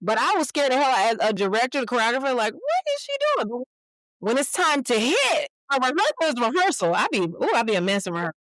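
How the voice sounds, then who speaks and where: A woman's voice: fairly high pitch, sing-song, fast talker, fairly bright tone, no echo. A woman actress, a guest who speaks expressively and swoops into playful voices in a casual chat. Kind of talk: casual conversation.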